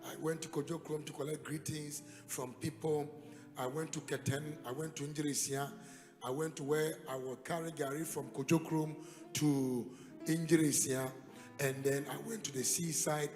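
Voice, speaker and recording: A man with a Ghanaian accent preaching a sermon, telling a story dramatically and building to loud, emphatic peaks. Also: fairly high pitch, steady tone, normal speed. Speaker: pastor. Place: church hall. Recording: echoey hall with music behind.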